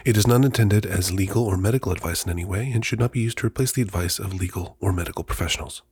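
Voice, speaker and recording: A man's voice: deep voice, rapid-fire, a little mellow, breathy edge, no echo. A man hosting a podcast, reading a scripted introduction and a folktale with a dry, playful delivery. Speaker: podcast host. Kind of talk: scripted narration.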